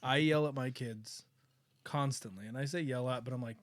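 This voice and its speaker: A man at a middle pitch tells a story in easy conversation, relaxed and quick to laugh. His voice sits close and dry on the mic. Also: no echo. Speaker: co-host; father. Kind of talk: casual chat.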